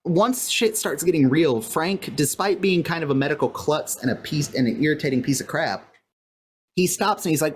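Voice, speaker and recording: A podcast co-host talks through an episode recap in a loose, chatty way, circling back on thoughts and leaning on filler words. The pitch sits in the middle of the range. A faint hum of a fan runs underneath. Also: moderate pace. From California. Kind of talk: casual episode recap chat. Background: faint fan or air-conditioner hum.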